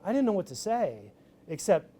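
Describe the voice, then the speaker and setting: A man giving a casual, energetic talk to an audience at a live event, swearing freely as he tells his story. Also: high voice, normal speed, breathy edge. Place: event stage.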